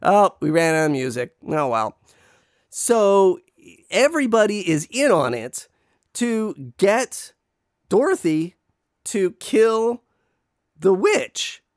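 A man's voice: sits high, big pitch swings, slow pace, pauses often, dry recording, studio quality. A man casually reviewing a movie, rambling with many fillers and restarts, wryly griping. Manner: wry, playfully griping. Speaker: film reviewer.

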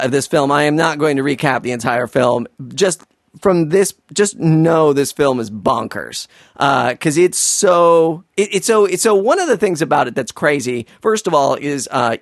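A man's voice: medium pitch, no room sound, studio quality. A man doing a sarcastic, exasperated comedic recap of a film, swearing freely.

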